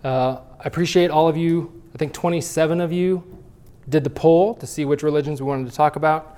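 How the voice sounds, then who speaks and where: A man's voice: on the high side, fairly quick, warm tone. A man teaching a Sunday school class at church, talking conversationally and often restarting his phrases.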